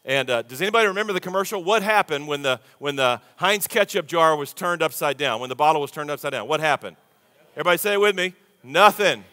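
A pastor with a slightly high, bright, forceful voice preaches to his congregation in a folksy, conversational style, calling on the crowd to answer back. The recording carries the long reverb of a large church sanctuary.

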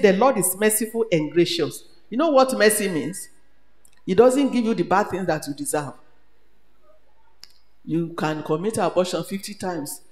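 Nigerian woman preacher, animated sermon, echoey hall, long reverb. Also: lowish voice. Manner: animated, switches between English, Pidgin and Yoruba. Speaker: retreat speaker.

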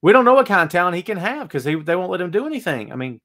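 Excitable man ranting on a show. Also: high voice, very fast. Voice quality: animated, excitable, ranting delivery. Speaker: wrestling podcast host. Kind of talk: live show, reading chat comments.

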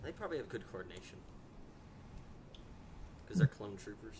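A young man playing a tabletop game, chatting casually and often muttering low-key asides. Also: sing-song, moderate pace. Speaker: player. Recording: noisy home recording with clicks.

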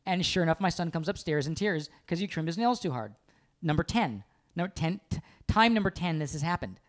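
A man's voice: fairly high pitch, lively intonation, a little fast. A man co-hosting a casual chat, emphatic and exasperated, mimicking his partner as he makes his point. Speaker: podcast co-host.

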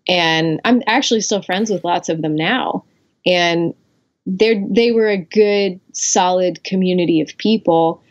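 A woman's voice: fairly low pitch, measured pace. A woman guest on a podcast, telling her own story in a candid, reflective way with fillers and restarts. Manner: reflective, with frequent fillers and self-corrections. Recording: dull lo-fi audio.

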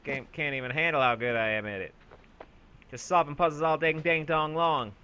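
A young man commentating his own gameplay, bragging goofily about being a genius and yelling for help in mock panic. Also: on the high side, steady tone, moderate pace, clear, resonant tone. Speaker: gaming YouTuber. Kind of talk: let's play commentary.

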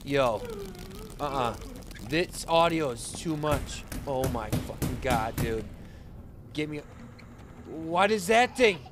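A man's voice: on the high side, lively intonation, slow, pauses often, over loud music. A man streaming a horror game, panicky and frantic, swearing as he reacts. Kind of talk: live horror game commentary.

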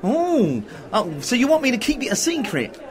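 A man's voice: very high voice, wildly swooping pitch, moderate pace, full character voice. A man playing a dim, cheery shop assistant in a radio comedy, dithering and easily confused. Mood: chirpy. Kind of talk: amateur radio comedy acting.

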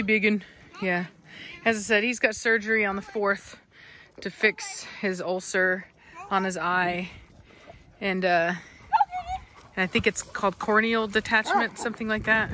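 A woman's voice: medium pitch, pushed and bright, slight background noise. A woman, filming a casual vlog outdoors as she plays with her dogs, laughing and calling commands to them.

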